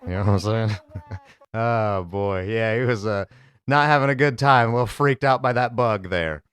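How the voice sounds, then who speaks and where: A man's voice: fairly low pitch, moderate pace, a bit bright, clear, resonant tone, no echo. A man hosting a comedy commentary show, rambling casually and crudely about clips. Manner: rambling, crude, laid-back.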